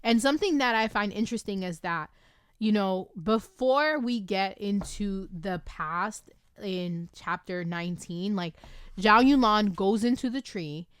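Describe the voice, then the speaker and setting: A woman host excitedly talking through a book she loves, gushing with lots of fillers, in a casual review chat recorded at home on a desk microphone. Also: mid-range voice, unhurried, clean tone, dry recording, studio quality. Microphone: desk microphone with camera.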